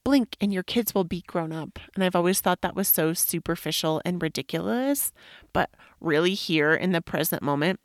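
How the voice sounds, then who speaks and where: A woman in her thirties hosts a casual solo podcast, candid and rambling, now and then slipping into a whisper or a swear. Her voice sits a little low. The sound is close and dry, with no room around it. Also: moderate pace, no room sound. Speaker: podcast host.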